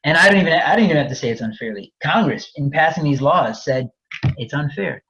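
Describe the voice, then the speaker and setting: A man's voice: a little high, expressive, fairly quick, fairly bright tone, husky, dull audio. A man presenting a fair housing webinar, explaining in a candid, conversational way with frequent restarts. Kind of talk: webinar lecture.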